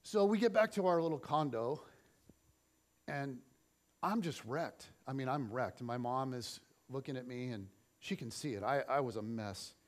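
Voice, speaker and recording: A middle-aged man preaching a church sermon and telling a personal story, swinging between loud and soft. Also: medium pitch, lively intonation, normal speed. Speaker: pastor.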